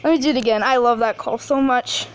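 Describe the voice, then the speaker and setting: A woman's voice: fairly high pitch, fast talker, very noisy. A teenage girl in a casual unboxing video, gushing and chatty with lots of fillers. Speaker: vlogger.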